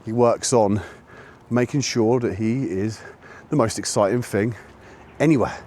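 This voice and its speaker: A man vlogging a dog walk, chatting casually and snapping out high, sharp commands to his puppy. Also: measured pace, pauses often, a little hiss or hum. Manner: sharp high-pitched commands to a dog between relaxed chat. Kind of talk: casual narration while walking a dog. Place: outdoors on a woodland and road walk.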